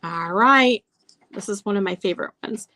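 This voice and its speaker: A woman's mid-range voice sounds pushed and bright at a moderate pace, with no room sound. As an online seller hosting a live vintage sale, she chats casually, dwells on details, and reads old card verses out loud.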